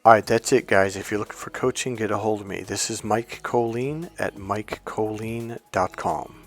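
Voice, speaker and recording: A man speaking as a life coach in a calm, soothing, unhurried self-help talk to his viewers. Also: lowish voice. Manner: addresses viewers directly as coach.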